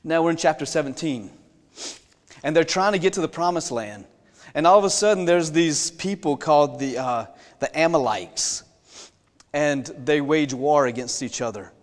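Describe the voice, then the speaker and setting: A man's voice: fairly high pitch, expressive, normal speed. A man preaching a sermon, retelling a Bible story in a folksy way with jokey asides and questions to the congregation. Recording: long reverb in a large hall.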